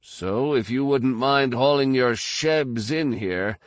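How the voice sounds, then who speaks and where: A man doing a brash, cocky commando with a raised, pushy voice pitched well above his usual and drawn out slowly. He teases his leader in a storybook reading, loud and swaggering. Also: dry recording, studio quality, close to an everyday voice. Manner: cocky, teasing. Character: brash, foul-mouthed male armored commando.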